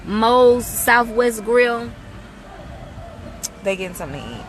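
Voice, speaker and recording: A woman with a slightly high voice chats casually into her phone from a parked car outside a mall. She greets viewers by name and hands out blessings in an easy, chatty flow. Faint traffic hums in the background. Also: big pitch swings, takes it slowly, pauses often. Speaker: ministry leader livestreaming.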